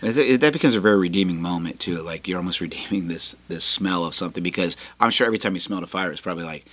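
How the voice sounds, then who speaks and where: A man in church leadership sharing his views in a casual discussion, earnest and quick, peppering his speech with "you know". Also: sits low, a bit bright.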